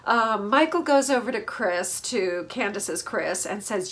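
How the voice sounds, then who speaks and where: A woman's voice: mid-range voice, expressive, unhurried, a bit bright. A woman hosting a casual reality TV recap, snarky and gossipy, laughing at the drama.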